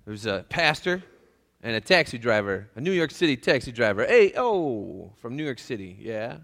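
A man's voice: mid-range voice, sing-song, normal speed, a bit bright, long reverb tail. A man preaching a casual, joking sermon to his church. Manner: folksy, joking, acts out voices. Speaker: pastor. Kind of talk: conversational sermon. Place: church sanctuary.

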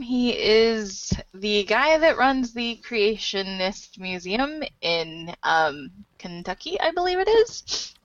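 A woman's voice: medium pitch, a bit bright, dry recording, lo-fi sound. A woman co-hosting a casual podcast, giggly and playful. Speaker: podcast co-host.

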